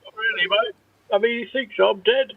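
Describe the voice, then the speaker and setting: A man putting on a gravelly, deadpan caller. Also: sits high, normal speed, narrow, tinny audio. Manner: blunt, deadpan, mumbled answers. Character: crude laddish British male caller, deadpan. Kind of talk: comedy phone-in bit.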